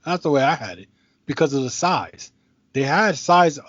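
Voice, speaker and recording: A man's voice: on the high side, expressive, normal speed, a bit bright, no echo, lo-fi sound. A man hosting a podcast, chatting casually about wrestling and rambling through his opinions with frequent restarts. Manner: rambling, with many restarts and filler. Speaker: podcast host. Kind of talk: casual chat.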